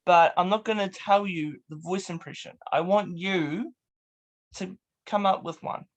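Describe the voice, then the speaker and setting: Playful young New host. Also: male voice, high voice, a little slow, dull audio. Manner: playful, laughs often. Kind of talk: casual chat.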